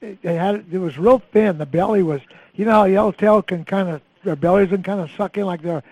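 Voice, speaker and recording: A man with a notably high voice co-hosts a fishing radio show, jumping in eagerly with reactions and questions. The sound is close and dry. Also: a little fast, no echo, rough recording. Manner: excitable, chiming in with interjections. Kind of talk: casual radio chat.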